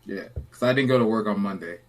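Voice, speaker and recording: A man's voice: on the low side, fast talker. A young adult man hosting a casual podcast, rambling through a story and acting out the people in it. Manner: relaxed, rambling, acts out quotes. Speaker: podcast host.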